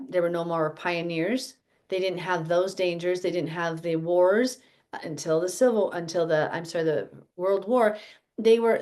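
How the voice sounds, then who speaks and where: A woman's voice: lowish voice, darkish tone. A woman leading a casual health teaching chat for her fellowship group, rambling and correcting herself as she goes. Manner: rambling, self-correcting, chatty.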